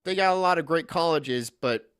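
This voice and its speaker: A man's voice: on the high side, moderate pace, a bit bright, clean tone. A man streaming, ranting profanely and reading chat messages aloud in casual commentary.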